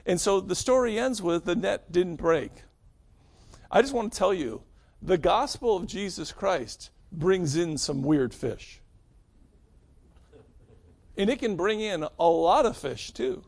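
Male pastor, fairly high voice, informal preaching with emphatic asides and questions to the congregation. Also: animated, slow pace, gravelly, long pauses, a little mellow. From northeastern Pennsylvania. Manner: conversational preaching with rhetorical questions and emphatic stresses. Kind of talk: sermon.

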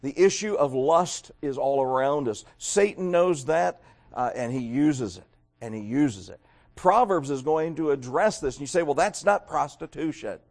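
A middle-aged man preaching a sermon, talking straight to his congregation and swinging from loud emphatic peaks to quieter asides. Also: medium pitch, animated, moderate pace. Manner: emphatic preaching with rising and falling loudness; addresses the congregation directly. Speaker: pastor.

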